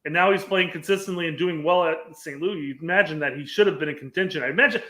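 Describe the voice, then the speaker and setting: A man's voice: fairly high pitch, fast talker, bright, forceful tone. Chatty man in an echoey room. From United States. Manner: chatty, repeats words while thinking. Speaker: podcast co-host. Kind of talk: casual sports chat. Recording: roomy echo.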